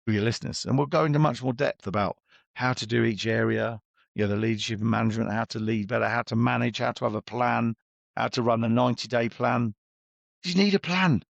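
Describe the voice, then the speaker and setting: A man's voice: medium pitch, fairly quick, gravelly, dry recording, dull audio. A middle-aged man, a business coach, talking bluntly and chattily as an interview guest and acting out his exchanges with clients.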